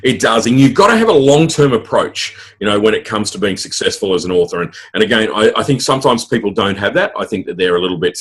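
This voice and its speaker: Fast-talking husky Australian man. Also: lowish voice, lively intonation. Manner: fast, rambling, full of fillers and restarts. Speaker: author and guest. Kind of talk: casual interview chat.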